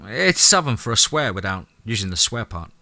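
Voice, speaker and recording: A man voicing a teasing young woman from the South in an audiobook, raising his pitch for her. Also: very animated, normal speed, creaky, pushed and bright, heavily acted.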